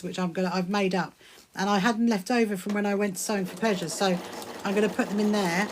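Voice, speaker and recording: A woman chats away on a live stream from her sewing room, her voice sitting in a mid register. She rambles from one thought to the next and keeps breaking into excited bursts. A clear hum of room noise and sewing machine sits behind her, picked up by a phone. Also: medium pitch. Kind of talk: casual live-stream chat answering viewer comments.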